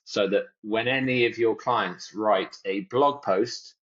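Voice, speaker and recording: A man's voice: fairly low pitch, slow pace, fairly bright tone, muffled recording. A man co-hosting a podcast in casual chat, rambling and jokey and mimicking other people's phrases. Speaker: podcast co-host.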